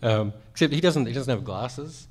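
A man's voice: mid-range voice, lively intonation, moderate pace. A man with a New Zealand accent, a cartoonist chatting on a convention panel in a wry, self-deprecating way with lots of fillers.

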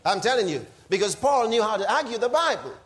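A male pastor preaching a sermon in a teasing, animated way, laughing often and swinging between soft asides and loud exclamations. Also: sits high, quick pace.

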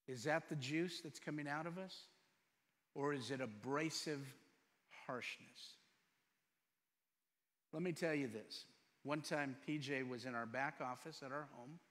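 A pastor in his fifties preaching a sermon, firing rhetorical questions and swinging between loud and soft. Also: fairly high pitch, moderate pace. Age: 50s. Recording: long reverb in a church hall.

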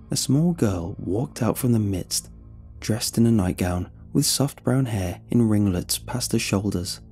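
A man narrating a horror story in a measured, dramatic way. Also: fairly low pitch, darkish tone.

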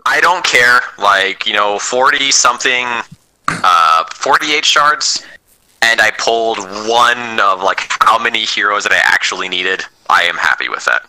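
A man's voice: fairly low pitch, expressive, unhurried, pushed and bright, slight background noise, low-quality recording. A man chatting casually with his clan on voice chat, laid-back and jokey. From United States.

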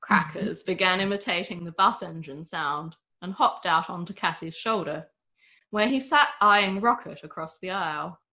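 A woman narrating a storybook tale aloud with a lively, expressive reading. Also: lowish voice, normal speed.

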